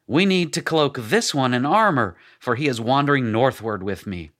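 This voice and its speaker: A man's voice: medium pitch, expressive, moderate pace, fairly bright tone, voice pushed up, natural voice. A man reading a story, voicing a boisterous, proud male warrior guide with grand, declamatory speech.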